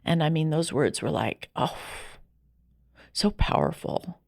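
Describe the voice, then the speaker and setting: A middle-aged woman telling her personal story as a podcast guest, lively and acting out the dialogue she remembers. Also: deep voice, measured pace, gravelly, dry recording, studio quality. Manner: animated, acts out quoted dialogue.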